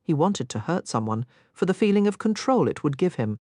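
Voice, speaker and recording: A woman narrating an audiobook in a scripted, expressive reading on a close mic. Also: sits low, fairly quick, dry recording.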